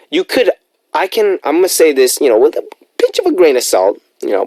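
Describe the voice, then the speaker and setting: A chatty man hosting a music radio show, with playful, upbeat asides between song introductions. His voice sits at an ordinary middle pitch. It is recorded close and dry in a studio, with no room sound. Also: darkish tone, no room sound. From United States. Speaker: radio DJ and host.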